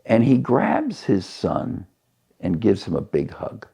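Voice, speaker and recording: Man, preacher, sermon storytelling, gravelly low voice, mellow tone. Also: slow. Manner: animated storyteller acting out characters' voices.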